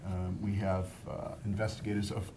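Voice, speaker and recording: A man talking as a producer and director, a guest on a studio talk show, joking and pausing often to restart his sentences. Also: low voice, little pitch movement, crowd noise. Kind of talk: casual chat.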